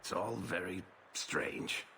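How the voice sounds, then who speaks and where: A man's voice: low voice, slow, gravelly, bright, forceful tone, a little hiss or hum, heavily acted. An actor playing a wry male dwarf storyteller in a fantasy game, dry and offhand.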